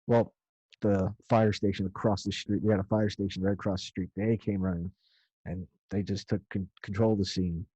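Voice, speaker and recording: A man's voice: on the low side, warm tone, husky, no room sound. A man casually recounting a story of his own in a loose, rambling way, with some swearing. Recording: dull lo-fi dry recording.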